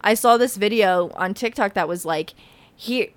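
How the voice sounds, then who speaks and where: A woman's voice: medium pitch, moderate pace, no echo. A woman in her twenties co-hosting a podcast in casual, teasing chat. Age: 20s. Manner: giggly, chatty, teasing. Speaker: podcast co-host.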